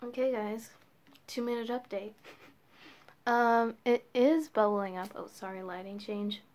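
Teen girl vlogger, slightly high voice, unhurried, giggly and chatty, home camera-mic sound. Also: darkish tone. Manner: giggly, chatty, lots of "like" fillers. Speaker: beauty vlogger. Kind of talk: casual vlog chat.

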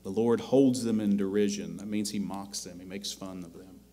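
A man preaching a sermon as pastor, slow and deliberate, rising loud on scripture and dropping quiet to make a point. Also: sits low, steady tone. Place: church sanctuary.

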